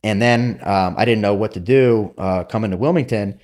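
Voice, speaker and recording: Middle-aged male guest, low voice, animated storyteller, casual podcast chat. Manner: animated, quick asides, acts out quotes. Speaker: podcast guest, former Navy SEAL.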